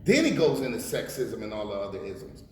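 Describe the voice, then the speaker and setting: A man's voice: on the low side, big pitch swings, a little fast, a little mellow. Blunt, profane man in an echoey room. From United States. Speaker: rapper guest. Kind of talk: casual interview talk. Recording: echoey room with long reverb and faint hiss.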